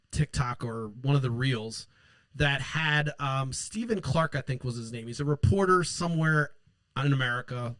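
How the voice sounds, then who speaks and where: A man's voice: on the high side, fairly bright tone, no room sound, poor audio. A man hosting a show, ranting about politics in a heated, profane, rambling way. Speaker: host.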